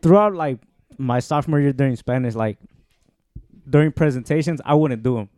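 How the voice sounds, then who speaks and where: A man's voice: medium pitch, brisk, dark tone, no room sound. A young man co-hosting a casual podcast chat, telling stories with lots of restarts. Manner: rambling storytelling with restarts. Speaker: podcast co-host.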